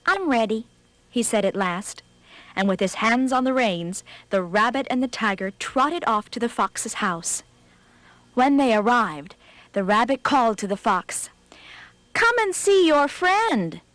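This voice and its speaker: A woman narrating a children's storybook in a scripted, expressive read, slowing for effect. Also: medium pitch, no room sound.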